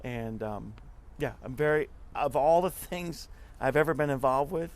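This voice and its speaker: A man with a medium-pitched voice is a guest in an interview, speaking unhurriedly. He tells stories in an earnest, conversational manner and often repeats words as he goes.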